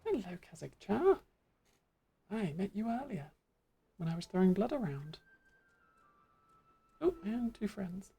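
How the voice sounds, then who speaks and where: Chatty, gravelly woman streamer. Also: mid-range voice, very animated, unhurried, pauses often, mellow, soft background music. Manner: chatty, self-deprecating, thinking aloud. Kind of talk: casual game-stream commentary. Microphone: studio mic with pop guard.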